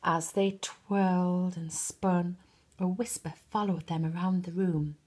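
A woman reading a bedtime story for toddlers in a soft, expressive way, sometimes dropping to a whisper. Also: lowish voice, slow, slightly rough.

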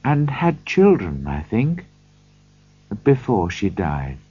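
Brief: quiet, knowing spirit, slow and measured, husky, read by a man; dull recording. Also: fairly low pitch, huge pitch swings, exaggerated voice. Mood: gentle. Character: calm, knowing male ghost spirit.

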